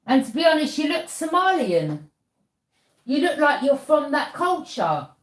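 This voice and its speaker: A woman's voice: high-pitched, big pitch swings, a little slow. Accusing woman in an echoey room. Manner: accusing, repeats "yeah?" as a challenge. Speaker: tarot reader. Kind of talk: confrontational monologue to camera.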